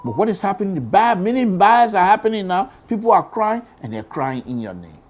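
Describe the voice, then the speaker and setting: A man's voice: high-pitched, sing-song, fairly quick, soft background music. A man with a Liberian English accent hosting a radio call-in show, talking emphatically and often repeating himself. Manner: emphatic, repetitive, exclamatory. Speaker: radio talk show host. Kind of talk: political call-in radio commentary.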